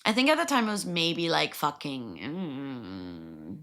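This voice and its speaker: A young woman chatting on her own podcast, with a bright, forward tone and a voice that swings widely up and down. She talks casually and crudely, tossing in quick asides and laughing often. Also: sits low, very animated. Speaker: podcast host. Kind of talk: casual solo podcast chat.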